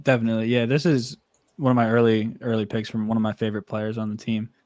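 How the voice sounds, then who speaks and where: A man's voice: on the low side, flat delivery, quick pace, a little mellow, dry recording, clean studio sound. A man co-hosting a casual basketball podcast, chiming in with short agreeing remarks. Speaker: podcast co-host. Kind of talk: casual sports podcast chat.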